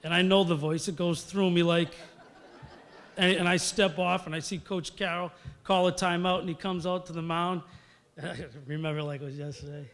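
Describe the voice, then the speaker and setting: A middle-aged man tells rambling stories into a podium microphone, full of fillers and restarts. His voice sits a bit high for a man. A long reverb from the big hall trails each phrase. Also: fairly even intonation, moderate pace, a bit bright. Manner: rambling, storytelling, many fillers. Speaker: hall of fame inductee. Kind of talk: acceptance speech.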